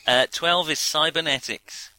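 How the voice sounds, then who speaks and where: A man's voice: a little high, unhurried, bright, forceful tone, dry recording, low-quality recording. A man acting as game master over a video call, chatty and joking, his sound gurgly and metallic. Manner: chatty, laughing and wisecracking.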